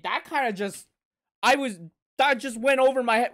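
A young woman hosting an anime reaction, talking over the episode with excited, profanity-laced outbursts. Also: a little high, moderate pace. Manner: excitable, swears a lot, loud sudden outbursts. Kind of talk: live reaction commentary.

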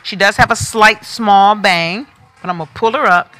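A woman's voice: mid-range voice, normal speed, pushed and bright. A woman hosting a live wig sales stream, chatting casually and talking straight to her viewers as she demonstrates pieces. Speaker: wig shop host selling on a live stream. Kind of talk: casual live product demo.

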